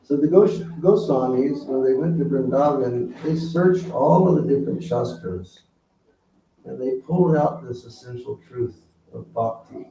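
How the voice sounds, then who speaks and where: A man giving a spiritual talk, teaching slowly and asking the audience questions. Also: medium pitch, creaky, dark tone, slight background noise. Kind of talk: sermon. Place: temple hall with audience. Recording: roomy, distant, dull hall recording.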